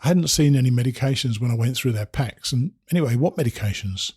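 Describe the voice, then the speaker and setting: A man reading a first-person memoir aloud, in steady storytelling with wry asides. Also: mid-range voice, quick pace, breathy edge, dry recording, clean studio sound. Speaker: narrator.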